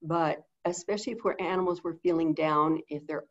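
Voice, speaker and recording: A woman's voice: deep voice, fairly even intonation, brisk. Chatty woman on muffled webinar audio. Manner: chatty storytelling, coos softly when quoting praise to animals. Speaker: animal behavior consultant. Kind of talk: casual webinar talk.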